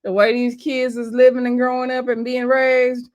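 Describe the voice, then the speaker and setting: A woman's voice: on the high side, flat delivery, moderate pace, darkish tone, dull audio. A woman recapping a TV episode in a casual, chatty way, often laughing as she tells the story. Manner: chatty, laughing storyteller who acts out quotes. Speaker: TV show reviewer.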